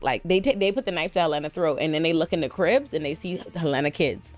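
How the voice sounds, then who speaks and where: Animated slangy woman recapping TV. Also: low voice, fast, hardly any pauses, no room sound, soft background music. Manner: animated, emphatic, slangy storytelling with exclamations. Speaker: TV recap host. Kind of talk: casual TV episode breakdown.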